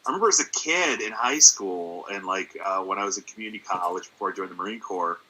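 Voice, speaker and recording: A man's voice: sits low, expressive, fast talker, pushed and bright, low-quality recording. A man who is a guest comedian, chatting casually in an easygoing, rambling way. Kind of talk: casual chat.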